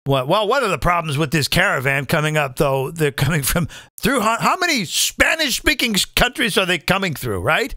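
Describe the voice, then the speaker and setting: Male comedy host, high and bright, big pitch swings, dry close sound, profane rant. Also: moderate pace, dry recording. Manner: animated, profane, addresses viewers as folks. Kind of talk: live comedic political rant.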